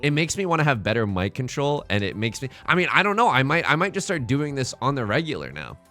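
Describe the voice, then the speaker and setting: A young man giving casual, joking commentary over his own gameplay, slipping in quick impressions. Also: medium pitch, sing-song, pushed and bright, faint music behind. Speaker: let's play streamer. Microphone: headset mic.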